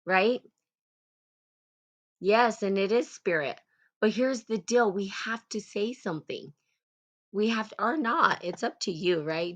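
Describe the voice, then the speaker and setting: A woman hosting a casual live talk, blunt and animated, swearing freely as she calls people out. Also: lowish voice, a little slow. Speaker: host.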